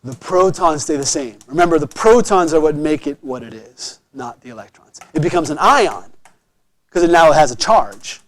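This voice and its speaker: High-voiced man teaching a chemistry class. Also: lively intonation, normal speed. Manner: encouraging, checks understanding often. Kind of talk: classroom lecture.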